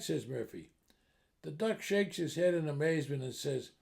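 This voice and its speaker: Gravelly guy telling jokes, steady build-up, kinda high voice. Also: normal speed. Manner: storytelling, steady build-up to punchlines. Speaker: joke teller. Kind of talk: comedic joke telling.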